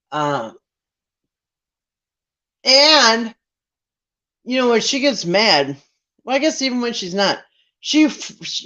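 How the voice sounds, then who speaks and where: Chatty streamer rambling on, acting out the quotes, kinda muffled lo-fi audio, middle pitch. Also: a bit bright. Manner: rambling storyteller who acts out quotes. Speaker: live streamer greeting viewers. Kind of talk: casual live-stream chat.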